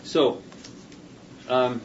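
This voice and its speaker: A man's voice: extremely slow, reverberant, slight background noise. A man lecturing a class in a conversational way, often asking rhetorical questions. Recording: dull distant classroom recording.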